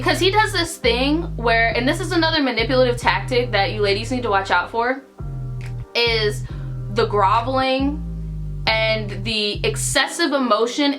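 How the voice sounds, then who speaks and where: A young woman with a bright, ringing voice sits over faint background music. She tells a story in an animated, profane way and keeps saying "like." Her pitch sits a little high. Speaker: vlogger. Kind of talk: storytime vlog.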